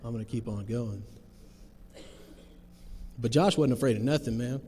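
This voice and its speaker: In a mid-range, slightly mellow voice at normal speed, a man in his thirties gives a recovery group an earnest, plain-spoken personal testimony in folksy phrasing. The recording has a long hall reverb and faint noise.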